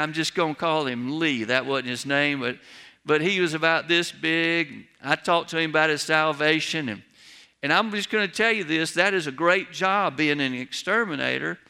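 Pastor, man, slightly high and bright-toned, folksy storyteller with humor, sermon in a reverberant church. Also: gravelly, clean tone. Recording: long reverb of a large hall.

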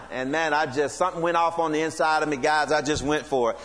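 A man's voice: a little high, moderate pace, pauses often, long reverb tail. A middle-aged man giving a humorous testimony at church, acting out the voices in his story. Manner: animated, acts out quoted voices.

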